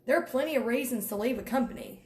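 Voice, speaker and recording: A woman vlogs to her viewers in a high, bright voice. She lectures with emphatic repetition and folksy words like honey and y'all. The room around her sounds bare and echoey. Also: lively intonation, fast. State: near tears at times. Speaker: network marketing vlogger. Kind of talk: direct-to-camera pep talk.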